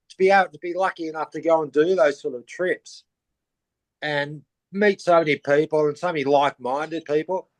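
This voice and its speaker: A middle-aged Australian man with a fairly high voice, swapping surf-trip stories in a relaxed chat. He gets animated as he goes and mimics the people in his tales with quick bursts of character voices. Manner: animated, acts out quoted voices in his anecdotes. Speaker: podcast guest. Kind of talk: casual storytelling.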